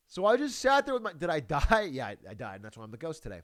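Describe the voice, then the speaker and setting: Lively, laughing man telling stories. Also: fairly high pitch, a little fast. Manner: chatty, laughs often, swears casually. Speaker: YouTuber reacting to a video. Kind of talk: casual storytelling and reaction commentary.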